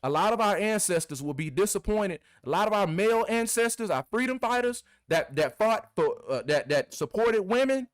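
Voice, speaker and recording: A man with a fairly high voice gives a heated, scolding rant straight to camera. He repeats his points for force, and the sound is dry and close to the mic. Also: expressive, moderate pace, hardly any pauses, no room sound. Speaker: video host. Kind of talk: impassioned commentary rant.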